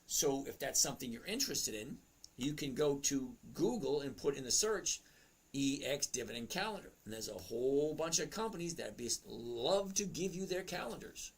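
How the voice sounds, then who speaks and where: A man's voice: medium pitch, expressive, normal speed, husky. A man hosting a stock trading livestream, chatting casually, greeting viewers by name and explaining charts step by step. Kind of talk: casual livestream chat reading viewer comments.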